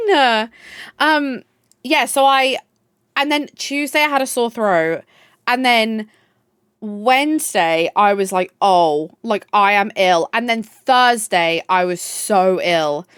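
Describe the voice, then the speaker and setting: A bubbly young woman chats on her live stream, gushing over her viewers and swearing freely. Her voice sits a little high. The sound is close and dry. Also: a little slow, fairly bright tone, clean tone, dry recording. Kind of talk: casual chat.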